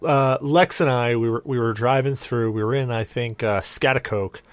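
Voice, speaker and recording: A young adult man, the podcast host, telling a rambling, animated story with lots of restarts. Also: mid-range voice, moderate pace, no echo. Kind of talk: casual storytelling.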